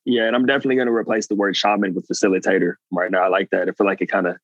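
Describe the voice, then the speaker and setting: A man's voice: sits low, racing, dry recording, dull audio. A man guest telling a personal story earnestly, acting out what people said. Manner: animated, earnest, acts out quotes. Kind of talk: casual storytelling.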